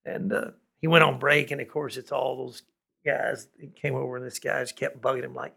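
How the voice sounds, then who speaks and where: A man's voice: mid-range voice, steady tone, fairly quick, creaky, pushed and bright, breathy edge. A man, a musician guest in a studio, telling rambling stories and laughing often. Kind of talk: storytelling in a relaxed conversation. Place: recording studio.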